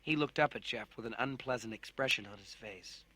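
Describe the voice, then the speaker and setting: A man narrating a children's science fiction audiobook in an expressive storytelling manner. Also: mid-range voice, a little fast, dry recording. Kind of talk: audiobook narration with character voices.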